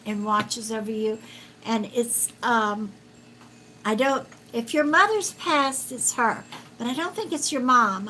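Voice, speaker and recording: A woman giving a live-stream card reading as a psychic, talking gently and haltingly with many fillers and calling viewers sweetheart. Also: on the high side, slight background noise, low-quality recording. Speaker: psychic reader.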